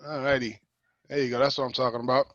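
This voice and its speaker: A man's voice: medium pitch, flat delivery, fast talker, a bit bright, no echo. A man hosting a group call, praising speakers and urging the chat to engage in a hyping, encouraging way. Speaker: call host. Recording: dry, muffled call audio.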